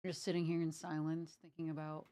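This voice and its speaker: Playful young woman, low voice, dry sound. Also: flat delivery, fast, dark tone, no room sound. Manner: playful, reciting tongue twisters and laughing at slips. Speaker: art streamer. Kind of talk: casual chat while drawing.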